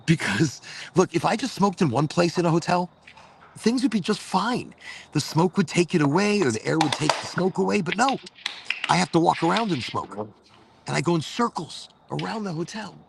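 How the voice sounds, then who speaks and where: A man's voice: sits high, expressive, normal speed, gravelly, background noise. A man hosting a casual chat, talking loosely and rambling with lots of swearing. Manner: loose, profane, rambling storyteller. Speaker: host.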